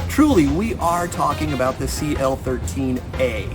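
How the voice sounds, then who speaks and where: A man's voice: mid-range voice, animated, moderate pace, few pauses, over music. Jokey man presenting a museum video. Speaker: museum curator and show host.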